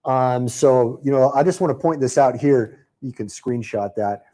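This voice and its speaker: A man hosting a live webinar, pitching a marketing program in a chatty, upbeat way and answering viewers by name. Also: moderate pace, dark tone.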